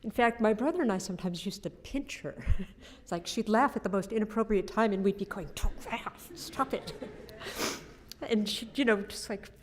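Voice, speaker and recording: A woman's voice: mid-range voice, brisk, a little hiss or hum. Middle-aged woman telling family stories. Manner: anecdotal storytelling with soft laughs. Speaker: eulogist, sister of the deceased. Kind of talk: funeral eulogy.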